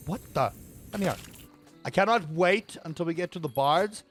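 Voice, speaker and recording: A man giving playful, theatrical let's-play commentary over a game, now and then breaking into high panicked yelps. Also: animated, measured pace, faint music behind. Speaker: gaming video creator.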